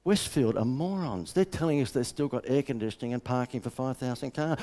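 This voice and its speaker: A man's voice: mid-range voice, moderate pace, few pauses, dark tone. A middle-aged Australian man giving a live seminar talk as a business coach, blunt and joking as he tells stories. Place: seminar room.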